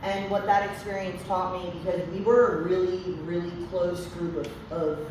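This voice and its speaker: A young woman with a lowish voice and fairly even intonation shares her recovery story at a moderate pace, with noise in the background. Speaking to the group, she swears freely and uses lots of fillers, picked up by a distant mic in an echoey room.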